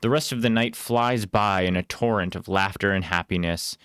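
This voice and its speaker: A man reading a storybook aloud in a plain, unhurried way with small casual asides. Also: deep voice, fairly bright tone, clear, resonant tone, no room sound, studio quality.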